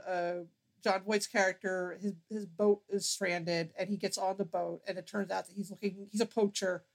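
A woman's voice: medium pitch, flat delivery, moderate pace, gravelly. A woman co-hosting a podcast in casual chat, often repeating words while gathering her thoughts. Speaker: podcast co-host.

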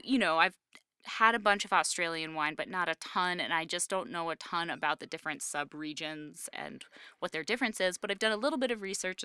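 In a dry, clean studio-quality recording, a woman with a fairly low, sharp and clean-toned voice co-hosts a wine-and-film podcast. Her chat is casual and peppered with "um" and "like", yet she clearly knows her wine.

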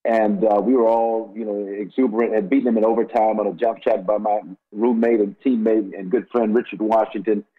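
A man's voice: on the low side, little pitch movement, a little fast, few pauses. A man in his sixties from Los Angeles, a former college basketball player, telling stories as a radio guest, rambling with many repeated words and restarts. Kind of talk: casual radio interview storytelling. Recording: dull lo-fi radio audio.

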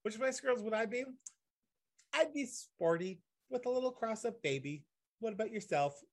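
Man, casual podcast co-host, sarcastic and rambling, slightly higher voice. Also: lively intonation, normal speed. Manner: joking, sarcastic, rambling asides. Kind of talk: casual chat.

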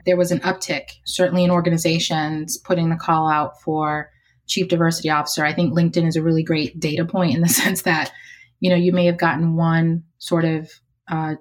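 A woman, a guest executive on an interview podcast, speaking in a calm and measured way. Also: lowish voice. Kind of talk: conversational interview.

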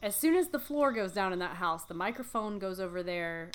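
A woman's voice: medium pitch, animated, a little fast. A woman co-hosting a podcast in playful, emphatic casual chat. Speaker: podcast co-host.

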